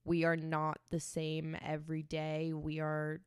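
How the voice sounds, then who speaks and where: A woman's voice: low-pitched, unhurried, clean tone, dry recording, studio quality. Chatty young woman co-hosting a podcast. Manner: chatty, animated storytelling, swears freely. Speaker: podcast co-host. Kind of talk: casual chat.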